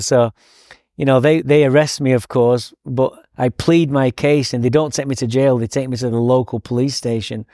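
A man's voice: mid-range voice, fairly even intonation, moderate pace, warm tone, no room sound, studio quality. A man with an English accent telling his story as a guest in an interview, blunt and candid, laughing at himself. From England.

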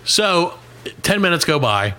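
A middle-aged man on a comedy podcast telling a long story in a casual, animated way, swearing and acting out what other people said. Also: a little high, a little slow, very noisy. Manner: animated, swearing, acts out quoted voices. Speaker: podcast co-host.

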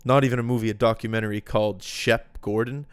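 A man's voice: on the low side, steady tone, fast, smooth, no room sound. A young man in his twenties, a podcast co-host, telling a long story in casual chat with many restarts.

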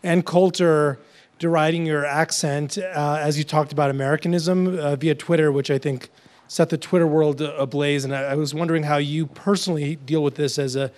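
A man's voice: on the high side, steady tone, moderate pace, darkish tone. A man in a festival audience asking the speaker a question, hesitant and polite. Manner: hesitant, polite, many uh fillers. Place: lecture hall audience.

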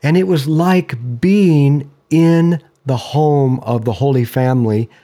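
Lively storytelling man. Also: a little high, slow pace. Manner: lively storyteller, voices others' quotes. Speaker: podcast creator and guest. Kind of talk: casual interview talk, storytelling.

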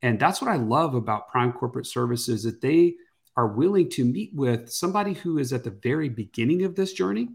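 A man's voice: mid-range voice, animated, brisk, gravelly. A man co-hosting a podcast in an upbeat, conversational way. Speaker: podcast co-host. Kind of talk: podcast promo and chat.

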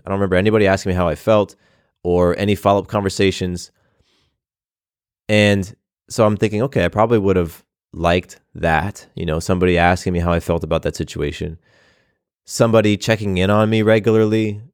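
A man's voice: low voice, clear, resonant tone, no echo, studio quality. A man in his thirties telling a personal story in a reflective, earnest way, often repeating phrases. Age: 30s.

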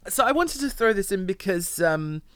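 A man's voice: sits high, expressive, normal speed, a bit bright, clean tone, no echo, studio quality. A man hosting a podcast, talking casually in a rambling way with frequent fillers. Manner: rambling, with many fillers and restarts. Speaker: podcast host.

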